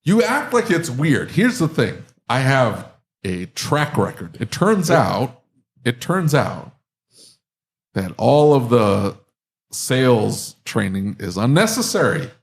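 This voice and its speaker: Animated sarcastic man, lively pitch. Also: slow, gravelly. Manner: animated, sarcastic, acts out customer calls. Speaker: auto repair shop owner, podcast guest. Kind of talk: live podcast banter.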